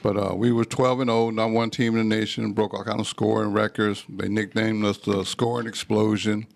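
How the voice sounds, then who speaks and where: An older man from Texas, telling animated stories as a podcast guest. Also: lowish voice, fairly quick, gravelly. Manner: animated, acts out voices in anecdotes. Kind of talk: storytelling in casual conversation.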